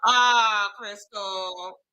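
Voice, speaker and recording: Bright-voiced animated woman reacting live. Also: on the high side, extremely slow, vocal fry, highs cut off. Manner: animated, exclaiming, casual slang addressing viewers. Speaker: reality TV reaction streamer.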